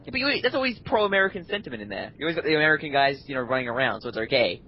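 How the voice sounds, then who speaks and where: A man in casual gaming chat, rambling through animated complaints with restarts. His pitch sits in the middle range. The recording is dull and lo-fi. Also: very fast, faint music behind. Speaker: podcast co-host.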